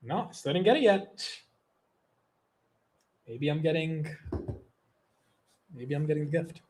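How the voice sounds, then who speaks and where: A young man hosts a livestream in a loose, rambling way, drifting between topics and reading viewer messages aloud. His voice sits a bit high for a man, and he swears casually as he chats. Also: lively intonation, measured pace, a little mellow. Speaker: livestream host.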